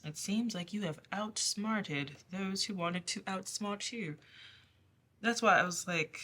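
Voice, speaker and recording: A woman giving a casual tarot reading who talks in a rambling, chatty way, laughing often and filling pauses with "like". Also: medium pitch, a bit bright, slight background noise. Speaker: tarot reader. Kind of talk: casual pick-a-card reading.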